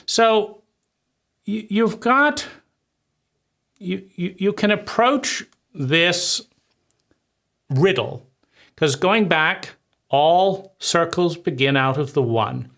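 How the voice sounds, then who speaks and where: A man's voice: high voice, animated, drawn-out words, gravelly, pauses often, fairly bright tone. A man giving an impassioned lecture on trauma, emphatic and sweeping, piling phrase on phrase. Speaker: trauma speaker.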